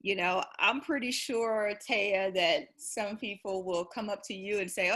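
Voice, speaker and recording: A woman's voice: medium pitch, measured pace, pushed and bright. A woman guest speaker in a fireside chat over a video call, talking in an earnest, conversational way. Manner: earnest, conversational, lots of "you know".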